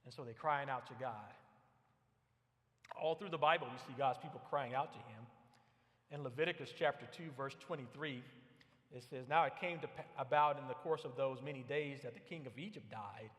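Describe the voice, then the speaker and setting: A man's voice: mid-range voice, fairly quick, a bit bright, in a large hall. A man preaching a sermon as pastor, earnest and often repeating words as he builds a point. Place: church sanctuary.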